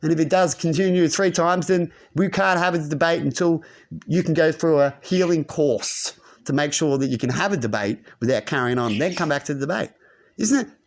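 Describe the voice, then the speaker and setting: A man's voice: fairly high pitch, slight background noise. A man delivering a rambling monologue to his channel, constantly tagging his points with a rhetorical "right?". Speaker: channel host. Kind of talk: ranting monologue to camera.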